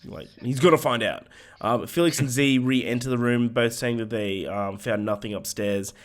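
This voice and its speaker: Hoarse man recapping a film plot. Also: mid-range voice, normal speed. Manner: recaps plot with frequent ums and swearing asides. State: hoarse, voice going. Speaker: podcast co-host recapping a film. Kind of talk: casual chat, plot recap.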